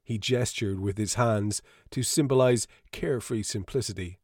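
A man narrating a story in an even, measured reading. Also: lowish voice, no room sound, studio quality.

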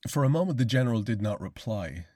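A man narrating a classic short story in a measured, formal audiobook reading. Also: mid-range voice, animated, darkish tone, no room sound, clean studio sound.

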